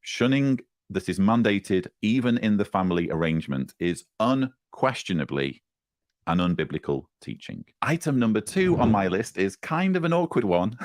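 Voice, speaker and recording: Man, very low voice, prepared commentary, measured, emphatic, dry sound. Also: no echo. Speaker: commentator in a played video.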